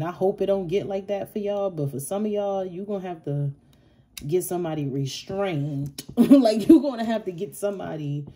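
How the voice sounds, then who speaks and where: Low-voiced woman reading tarot, profane and blunt. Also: mellow, slightly rough. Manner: blunt, profane, chuckles nervously. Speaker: tarot reader. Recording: audible background noise.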